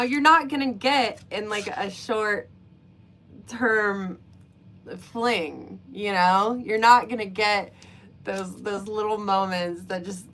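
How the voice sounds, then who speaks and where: Lady chatting on her livestream, unhurried, bright voice, laughing a lot, full of "like"s. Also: mid-range voice. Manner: chatty, laughs often, many fillers. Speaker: livestream host. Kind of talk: casual livestream chat.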